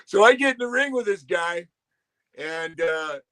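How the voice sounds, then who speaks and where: A man's voice: sits high, lively intonation, measured pace, fairly bright tone. A man in his sixties, a former wrestler, telling rambling, salty stories as a guest and acting out other people's quotes. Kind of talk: casual storytelling.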